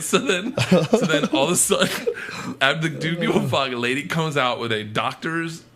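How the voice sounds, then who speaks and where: A man, a podcast guest, telling a wild story loudly and profanely, breaking into shouts. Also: a little high, expressive, normal speed, a crowd in the background. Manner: loud, profane, shouts in bursts. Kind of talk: animated storytelling.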